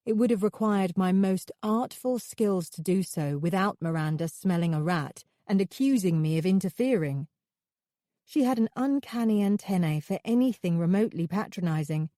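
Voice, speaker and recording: A woman narrating a thriller audiobook in a measured, steady reading voice. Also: mid-range voice, no echo, clean studio sound.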